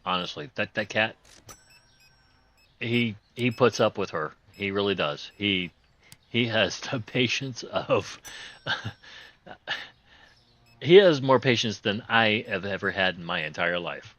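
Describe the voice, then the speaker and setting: A man with a hoarse voice that is still recovering, hosting a video game playthrough with rambling, joking casual commentary in folksy, loose grammar. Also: fairly low pitch, slow pace, pauses often, a bit bright, dry recording, muffled recording. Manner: joking, rambling, chuckles often. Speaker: host playing a video game.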